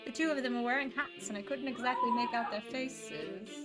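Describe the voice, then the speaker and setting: A woman's voice: on the high side, animated, brisk, natural voice. A woman voicing a plain-spoken witness giving matter-of-fact testimony. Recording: loud game music behind.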